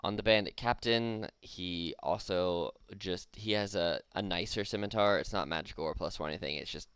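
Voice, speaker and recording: A man running a tabletop game as game master, describing scenes in a relaxed, loose way with frequent laughs. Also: low-pitched, moderate pace, clear, resonant tone, no room sound.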